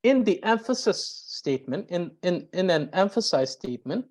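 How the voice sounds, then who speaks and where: Low, lively-voiced woman teaching grammar. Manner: explains slowly with frequent "uh" pauses and restarts; reads out example sentences. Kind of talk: recorded language lesson.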